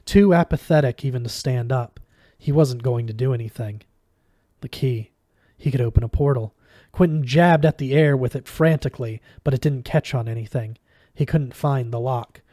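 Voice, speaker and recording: A man reads a fantasy novel aloud at a steady pace, now and then tripping over a word. His voice is mellow and dark, at an average pitch. The recording is close and dry. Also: normal speed, no echo. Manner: steady reading with small stumbles. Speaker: audiobook reader.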